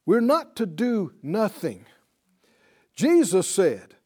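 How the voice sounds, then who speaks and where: A man's voice: high voice, sing-song, slow, a little mellow. A man teaching a Bible class to students who answer him, speaking emphatically and quizzing them with questions.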